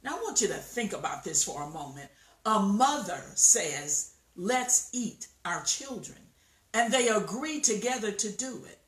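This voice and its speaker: A woman preaching a sermon, telling a story slowly and emphatically and acting out the quotes. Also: mid-range voice, very animated. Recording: echoey room, voice from far off mic.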